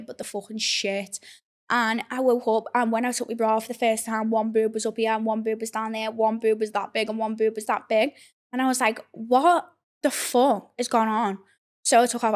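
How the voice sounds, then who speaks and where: A young woman, telling a personal story in a candid, blunt way with plenty of swearing and fillers. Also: on the high side. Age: young adult. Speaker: podcast host. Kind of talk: casual confessional storytelling.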